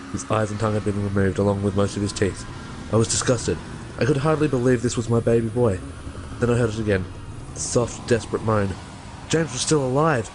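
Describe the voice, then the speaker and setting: A man's voice: fairly low pitch, voice pushed down, lightly acted. A man voicing a grief-stricken young mother as he reads a horror story aloud in first person, stumbling over words now and then.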